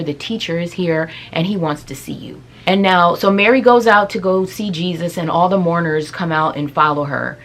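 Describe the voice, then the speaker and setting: A woman casually retelling Bible stories in a conversational way, with asides and fillers. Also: on the low side. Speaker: Bible storyteller. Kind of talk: casual storytelling.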